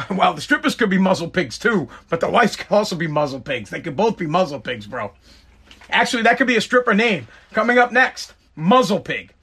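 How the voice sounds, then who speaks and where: A man's voice: high voice, very animated, a little fast, vocal fry, fairly bright tone, breathy edge. A man in his forties, a podcast host, ranting crudely and jokingly in a rambling way, with stammered restarts. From United States. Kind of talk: casual comedic rant.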